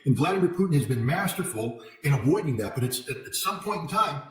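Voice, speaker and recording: Male commentator, a touch high-pitched, driving hard, repetitive points in a roomy space. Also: sing-song, fast talker. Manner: forceful, repetitive emphasis, sarcastic asides. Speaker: interview guest, military commentator. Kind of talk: emphatic political commentary. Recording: echoey room.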